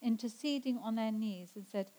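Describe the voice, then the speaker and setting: A woman preaching a sermon, her voice sitting slightly high. She speaks with earnest conviction and slows down to stress the scripture passages. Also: warm tone, low-quality recording. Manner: earnest, slows down for emphasis when quoting scripture.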